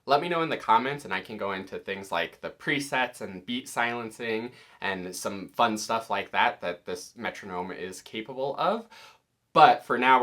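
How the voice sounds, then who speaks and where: A man teaching music in a relaxed, explanatory tutorial, walking through settings step by step. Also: medium pitch. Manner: relaxed, explanatory, occasionally counting beats aloud.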